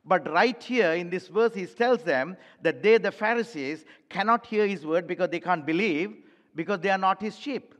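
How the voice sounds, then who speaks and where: A man's voice: high-pitched, moderate pace, a bit bright, dull audio. A man preaching a sermon as pastor, emphatic and addressing the congregation directly as church. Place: church sanctuary. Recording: long hall reverb.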